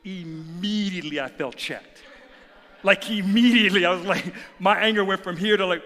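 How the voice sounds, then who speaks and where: A male pastor preaches with a high, bright, ringing voice in a church sanctuary. He swings dramatically between shouted peaks and hushed whispers, and a long hall reverb trails every phrase. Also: fairly quick. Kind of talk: sermon.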